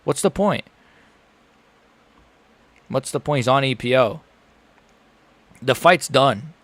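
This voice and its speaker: A young man streaming a live fight reaction, excitable, swearing and repeating himself as he swings from groaning despair to shouting. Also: mid-range voice, takes it slowly, no room sound.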